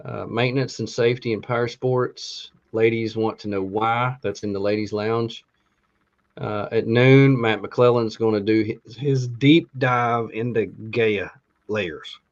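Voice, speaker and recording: A man's voice: medium pitch, fairly even intonation, unhurried. A man co-hosting a podcast, casually reading through a list of classes with many ums and uhs. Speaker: podcast co-host. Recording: dull lo-fi sound.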